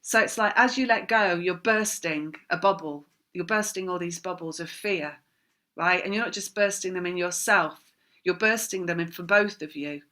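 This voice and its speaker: A woman talks through a spiritual tarot reading in a bright, clear voice. She wanders from thought to thought and repeats words in long chains. Now and then she laughs at herself and says sorry for the way she talks. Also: fairly low pitch, normal speed. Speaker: tarot reader.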